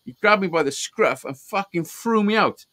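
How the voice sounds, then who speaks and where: Bloke on a live stream, swearing nonstop, bright punchy voice, laughs at his own yarns. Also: high voice, moderate pace, low-quality recording. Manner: animated storyteller, swears constantly, laughs at his own stories. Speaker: host of a live call-in stream. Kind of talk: casual storytelling chat, heavy swearing.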